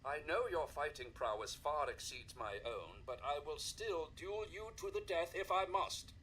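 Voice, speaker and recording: A man's voice: on the high side, expressive, moderate pace, sharp tone, a little hiss or hum. An actor voicing a pompous, patriotic male robot in a video game, declaiming in a grand, theatrical manner.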